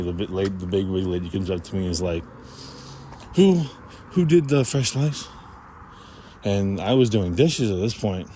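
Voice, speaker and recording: A man's voice: sits low, a little mellow. A young man talking casually to the camera while out walking, rambling and self-conscious, full of fillers and restarts. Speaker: vlogger. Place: outdoors by a street. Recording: outdoor street noise behind.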